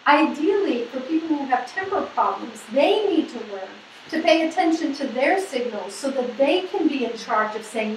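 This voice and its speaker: Woman, seminar presenter, animated, quizzes the audience, echoey room, faint room noise. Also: high-pitched, normal speed. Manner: lively, asks the audience questions, acts out quoted people. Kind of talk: lecture to a women's group. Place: hall or meeting room. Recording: echoey room, mic at a distance.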